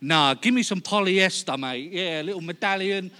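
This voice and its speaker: A man with a Cockney accent preaching a humorous sermon, joking and lively. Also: sits high, moderate pace. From London. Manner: jokey, lively delivery.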